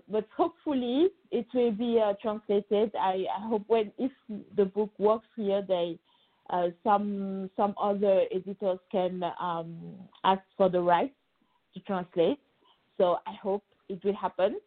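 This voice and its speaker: A woman with a French accent, a guest in a remote interview, speaking haltingly with many fillers and restarts. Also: mid-range voice. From France. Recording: phone-like narrow sound.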